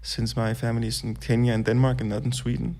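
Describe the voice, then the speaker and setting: A young man, a guest on a casual podcast, who tells his stories in a relaxed way and swears offhandedly. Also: mid-range voice, fast talker.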